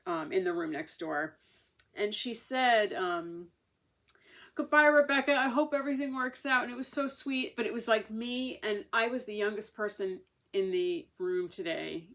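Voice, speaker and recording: A woman whose voice sits on the low side with a bit of brightness tells a long personal story to camera. As a vlogger relaying a patient's experience, she's chatty and rambling, restarting often and using lots of fillers.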